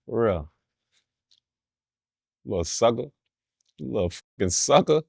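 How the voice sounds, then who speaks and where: Blunt, slangy man with a low voice. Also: moderate pace, no echo, clean studio sound. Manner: blunt, profane street slang; animated, laughs while telling stories. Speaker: interview guest. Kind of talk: casual storytelling in an interview.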